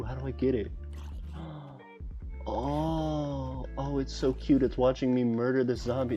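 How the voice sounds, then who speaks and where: A man hosting a casual livestream while gaming, rambling excitably and chatting to the creatures on screen. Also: medium pitch, normal speed, faint music behind. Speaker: livestream host. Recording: dull lo-fi sound with faint background beats.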